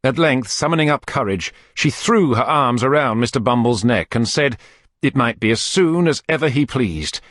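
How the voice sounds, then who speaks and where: A man narrating a classic novel as an audiobook reader, in expressive, lively storytelling. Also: medium pitch, moderate pace, dry recording, studio quality.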